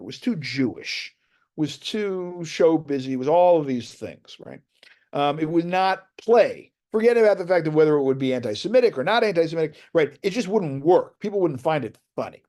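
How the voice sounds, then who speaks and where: A man delivering a university lecture with an expressive, swooping voice pitched a little high. He talks like he's telling a story, tossing in fillers and "right?" checks as he goes. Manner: animated storytelling with many fillers and "right?" tags. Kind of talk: academic lecture. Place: lecture hall.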